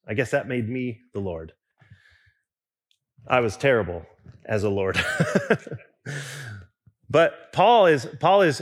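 A young man preaching in a loose, talky way, full of restarts and little asides. His pitch moves a lot as he goes, rising and falling. The tone is mid-height and easy. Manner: conversational and animated, with restarts and asides. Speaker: pastor. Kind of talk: sermon.

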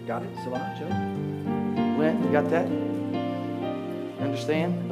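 A man preaching to a congregation, joking with the crowd and building to loud, passionate preaching. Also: on the high side, normal speed, long pauses, over loud music. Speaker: pastor. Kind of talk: sermon.

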